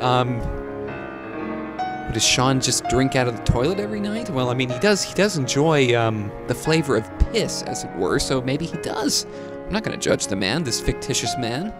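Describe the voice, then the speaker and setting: A young man in his twenties talks with a tired, sarcastic edge, his mouth still healing from a pulled tooth. His pitch jumps around a lot as he delivers mock-serious asides. Faint music plays underneath. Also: animated, moderate pace. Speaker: YouTuber reading stories aloud. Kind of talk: comedic reading with commentary.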